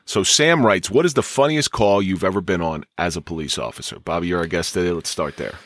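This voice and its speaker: Low-voiced male podcast host. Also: a bit bright, dry recording, studio quality. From New Jersey. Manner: measured scripted intro, then chatty. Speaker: podcast host, police officer. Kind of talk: podcast hosting.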